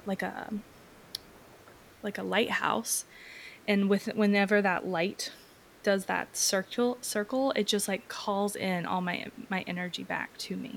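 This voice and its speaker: A woman's voice: mid-range voice, fairly bright tone. Woman, guest, casual chat, filler-heavy, faint hiss. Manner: chatty, lots of "like" fillers, laughs often. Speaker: energy healer guest. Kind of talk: casual conversational interview.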